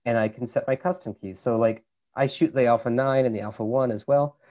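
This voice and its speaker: A man's voice: mid-range voice, fairly even intonation, brisk, warm tone. A man with a Minnesota accent, a camera expert casually explaining settings step by step over a video call, with lots of fillers.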